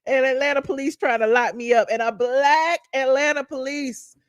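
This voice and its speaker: A woman's voice: high voice, steady tone, moderate pace, dry recording, clean studio sound. A Southern-accented woman hosting a live stream, ranting heatedly and profanely with emphatic repetitions. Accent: Southern American. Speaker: YouTube commentary host. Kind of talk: live-stream commentary rant.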